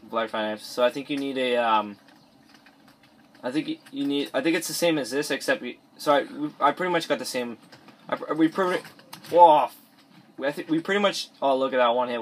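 A teenage boy with a mid-range, slightly bright voice rambles through let's play commentary at home in his bedroom. He restarts sentences a lot and mumbles asides as he plays; his cheap or device mic picks up slight background noise.

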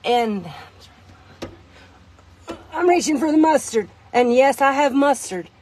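A woman's voice: high-pitched, expressive, slow, darkish tone, slight background noise. A woman reviewing a kitchen gadget from inside her car, rambling and joking at her own expense as she talks to viewers. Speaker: product reviewer. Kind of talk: casual product review vlog.

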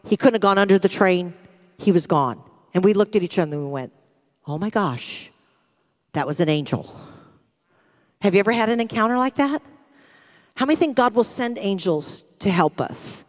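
A woman's voice: medium pitch, fairly quick. American woman pastor telling a story in a reverberant church. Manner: lively, animated storytelling with acted-out quotes. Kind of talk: sermon with storytelling. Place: church sanctuary. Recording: long hall reverb from a church.

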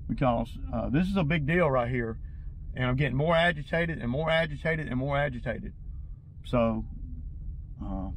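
Agitated man, high voice. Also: slight background noise, low-quality recording. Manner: agitated, rambling, stumbles and repeats himself. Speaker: lawn care business owner. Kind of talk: casual vlog rant to viewers.

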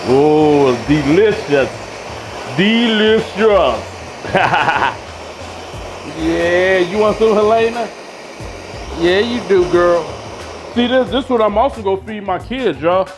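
A man hosting a fitness vlog, talking loud, hyped and slangy with a boastful edge. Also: high-pitched, expressive, slow, long pauses, over music. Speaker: fitness vlogger. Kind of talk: casual vlog.

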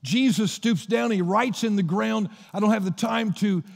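A man's voice: high voice, normal speed, creaky. A man preaching a sermon as pastor, retelling Bible scenes in a storytelling way, recorded in a church sanctuary with a long reverb.

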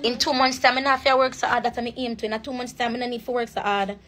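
A woman's voice: a little high, level tone, very fast, fairly bright tone, slight background noise. A woman, speaking into a phone on an emotional, preachy livestream and crying at times. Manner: emotional and preachy, switching between patois and standard English. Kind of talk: impassioned livestream rant.

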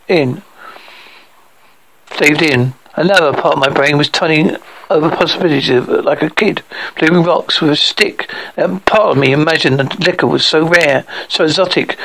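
A man's voice: fairly high pitch, creaky, sharp tone, low-quality recording. A man reading a horror story aloud as narrator, an unpolished reading with stumbles and restarts.

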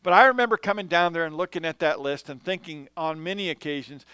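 A man delivers a sermon in a church, spinning lively personal anecdotes. His voice is smooth and resonant, bright in tone. The sound is dry and close, with little room echo. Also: a little high, quick pace, few pauses. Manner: storytelling, animated, chuckles between anecdotes. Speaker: pastor. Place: church sanctuary.

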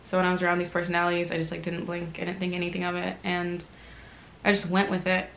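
A woman's voice: fairly low pitch, completely flat delivery, fast, gravelly, a little hiss or hum. Teary young woman in an echoey room. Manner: emotional, open, swings from quiet reflection to loud self-mocking. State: teary, recovering from crying. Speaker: vlogger. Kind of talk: candid personal vlog.

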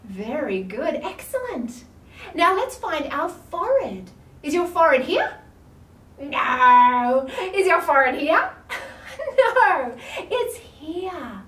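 Very high-pitched and a bit bright, this Australian kids' yoga teacher takes things slowly with big pitch swings. Leading toddlers through an online class, she sings her words playfully and gasps dramatically in surprise. The recording is roomy, with a distant mic and faint ambience.

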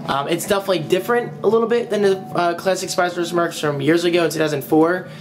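With music coming from his phone, a young vlogger with a high-pitched voice chats rapidly as he moves around his home, cracking jokes and addressing his dogs.

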